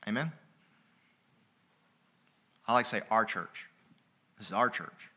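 A man's voice: on the low side, animated, slow, sharp tone, breathy edge. A man preaching a sermon as pastor, folksy and emphatic, firing rhetorical questions at the congregation.

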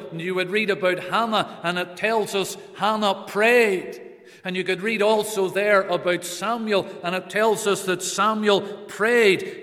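Male preacher, deliberate sermon delivery, reverberant church hall sound. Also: a little high, fairly bright tone. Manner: slow, earnest preaching with swells of emphasis.

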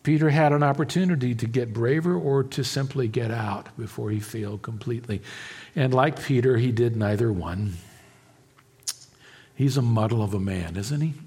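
The pastor, speaking in a mid-range voice with a breathy edge, expounds a sermon that swings from hushed to raised and emphatic. False starts and repeated words break up his speech.

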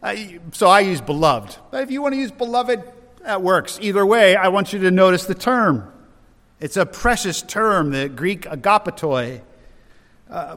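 A man's voice: high voice, fairly bright tone. A pastor preaching a conversational sermon to his congregation, stopping to restart his sentences and make asides. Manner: conversational with self-interruptions and asides. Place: church sanctuary. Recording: hall reverb.

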